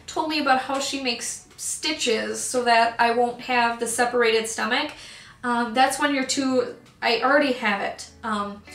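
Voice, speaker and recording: A woman's voice: high voice, a bit bright, reverberant. A young woman telling a personal story in a vlog, rambling with many ums and getting choked up as she talks. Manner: emotional, gets choked up. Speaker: vlogger.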